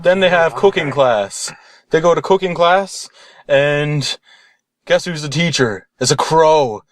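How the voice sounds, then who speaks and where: A young man telling a rambling, deadpan comic parody story. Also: a little high, takes it slowly, no room sound.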